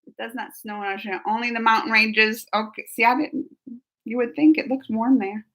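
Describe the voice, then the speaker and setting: A woman's voice: fairly high pitch, fairly even intonation, fairly quick, fairly bright tone. A woman streamer chatting casually with her viewers, reading chat comments aloud and laughing often.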